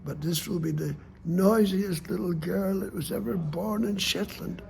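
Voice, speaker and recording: A man voicing a small, solemn male trowie who speaks in hushed, grave old-fashioned words, told as oral folk storytelling. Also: sits high, unhurried, gravelly, exaggerated voice.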